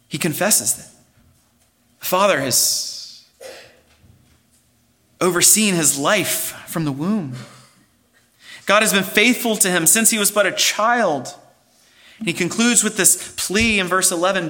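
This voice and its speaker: A male pastor delivers a sermon in a high, bright voice that carries with some force. He explains earnestly, sometimes restarting a phrase and pressing on with rising emphasis. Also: lively intonation, a little slow, long pauses.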